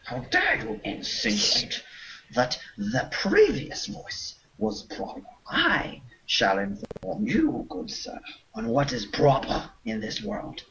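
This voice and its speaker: A man doing a pompous old gentleman. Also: sits high, wildly swooping pitch, slow, vocal fry, dull audio, slight background noise, voice pushed up, full character voice. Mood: haughty indignant. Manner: haughty, formal and affronted.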